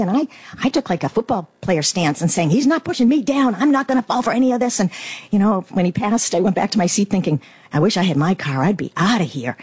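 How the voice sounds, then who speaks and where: A middle-aged woman giving a lively personal testimony, acting out her own past reactions as she tells it. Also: mid-range voice, slightly rough, no room sound. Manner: animated storyteller, acts out her past self. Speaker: guest.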